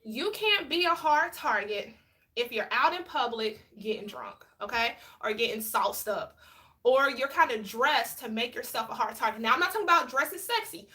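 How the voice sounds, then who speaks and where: A high, bright woman's voice talking straight to camera. She is frank and outspoken, and she tells her stories with lots of animation in a casual vlog style. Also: expressive, moderate pace. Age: adult with a child. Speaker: vlogger and former police officer.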